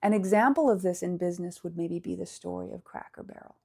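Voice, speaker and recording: A woman coaching on success and mindset in a slow, measured motivational monologue, repeating phrases and sometimes dropping into soft near-whispers. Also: lowish voice, creaky, slightly rough. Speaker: spiritual business coach.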